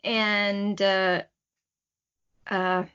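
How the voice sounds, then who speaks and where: A woman with a mid-range voice, flat delivery and a fairly bright, clear, resonant tone co-hosts a podcast recapping a manga chapter. Her manner is chatty and enthusiastic, with many "like" fillers and quick laughs, and the lo-fi audio is slightly muffled.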